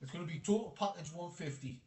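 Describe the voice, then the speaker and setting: A man's voice: a little high, fast, a little mellow, reverberant. A Geordie man doing a casual football live stream, bantering and laughing while reading out chat.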